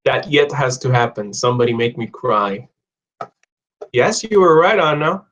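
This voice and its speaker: A man's voice: mid-range voice, expressive, normal speed, fairly bright tone, dull audio. A young man teaching English idioms in a live online lesson, reading out viewers' comments and joking with them in a chatty way. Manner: chatty, reads viewer comments aloud, jokes.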